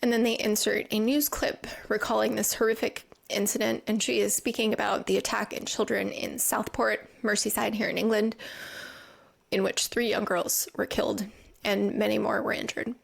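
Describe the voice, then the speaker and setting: A woman's voice: mid-range voice, level tone, moderate pace, gravelly. A woman hosting a podcast, narrating a scripted recap in an earnest, reflective storytelling manner. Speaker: podcast host. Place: lives in England.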